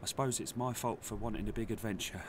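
A man voicing a man's farewell letter to his wife, tender and halting, with game ambience clearly behind. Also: fairly low pitch, steady tone, background noise, natural voice. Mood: tender, sorrowful.

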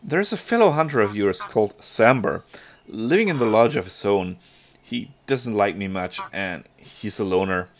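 A man's voice: lowish voice, animated, normal speed. A man voicing a shrewd, fatherly village elder who talks persuasively.

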